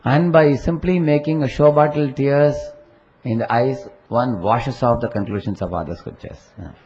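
A man, a spiritual teacher, giving a devotional sermon in a measured way, often pausing on "uh", "hmm" and "huh?". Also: mid-range voice, a little mellow. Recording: muffled with faint hiss.

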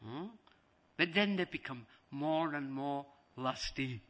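A man's voice: fairly high pitch, takes it slowly. A man giving a devotional lecture as a spiritual teacher, repeating phrases for emphasis and acting out scenes. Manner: animated, acts out scenes.

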